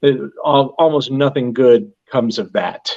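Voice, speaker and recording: A man's voice: medium pitch, a little mellow. A man discusses spirits in an unscripted chat. He halts and repeats himself as he works out his thought. The audio sounds dull and lo-fi. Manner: halting, repeats words. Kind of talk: casual discussion.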